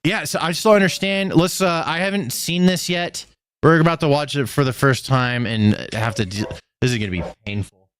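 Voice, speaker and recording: A man's voice: a little high, fairly quick, fairly bright tone, clear, resonant tone, dry recording, studio quality. A man hosting a live stream, giving a profane, sarcastic, exasperated commentary rant. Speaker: streamer host.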